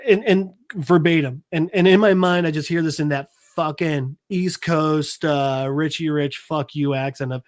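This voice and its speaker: A man on a podcast recapping a comic book issue in a casual, profane, animated way, acting out the characters' lines as he goes. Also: a little high, moderate pace, hardly any pauses. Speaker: podcast co-host presenting a comic segment.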